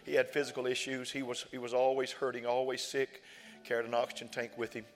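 In a church sanctuary, a man speaks fast in a mid-range voice with a level tone. He is a pastor offering sermon testimony, telling a personal story with folksy, emphatic repetition, and the recording carries hall reverb and faint music.

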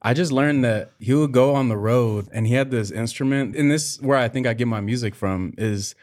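A young man co-hosting a casual faith podcast, talking in an excited, playfully boastful way. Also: mid-range voice, a little fast. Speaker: podcast co-host.

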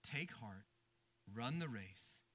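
A male pastor preaching a conversational sermon, repeating and restarting words and dropping to a low, quiet voice for emphasis. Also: expressive, takes it slowly. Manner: frequent stammered restarts.

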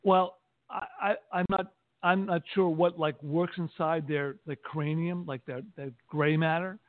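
A man speaking in a measured way with formal wording in a casual discussion. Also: a little high, fairly even intonation, no room sound. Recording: tinny phone-like call audio, dry.

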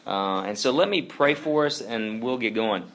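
A man's voice: medium pitch, expressive, moderate pace, fairly bright tone. A man preaching a casual, conversational sermon, telling stories with lots of "like" and "you know". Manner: chatty, filler-heavy storytelling with lots of "like". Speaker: pastor.

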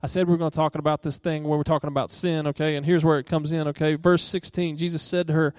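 A man's voice: a little high, flat delivery, fast, few pauses, a little mellow, clear, resonant tone, no room sound, clean studio sound. A young man preaching a sermon in an earnest, conversational way, asking listeners direct questions.

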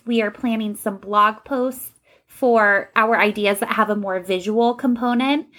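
Young woman cohost, slightly high voice, quick jokey chatter. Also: fairly bright tone. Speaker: podcast co-host. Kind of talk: casual chat.

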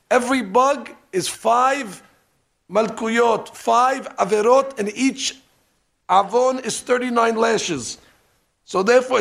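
A man teaching a hands-on religious lesson, animated and joking, dropping Hebrew terms as he demonstrates. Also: very high-pitched, creaky. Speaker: rabbi teaching. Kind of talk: demonstration lesson on ritual practice. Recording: archival lesson recording.

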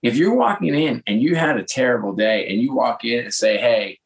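A middle-aged man, a podcast guest, telling candid, animated stories in conversation. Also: medium pitch, brisk, creaky. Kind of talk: storytelling in conversation.

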